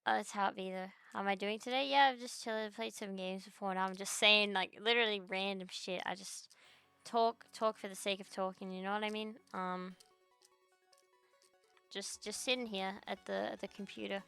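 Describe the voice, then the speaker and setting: Young woman, VTuber streamer at her desk; rambling profane rants, smooth voice with some fry. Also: medium pitch, fairly even intonation, moderate pace, a bit bright, soft background music. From Australia. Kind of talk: casual livestream chat. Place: home computer desk.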